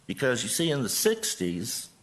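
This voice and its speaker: A man's voice: medium pitch, huge pitch swings, normal speed, fairly bright tone. A man in his sixties from Joplin, a pastor giving a prepared, earnest statement at a city council podium microphone. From Joplin, Missouri. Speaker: pastor speaking at public comment.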